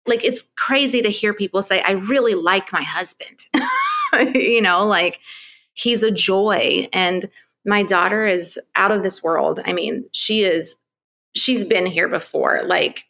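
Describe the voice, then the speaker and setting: A woman in her thirties, a podcast guest, tells a personal story with candor. Her lowish voice is gravelly but carries a bright, forward edge. She rambles, restarts her sentences and fills them with "like.".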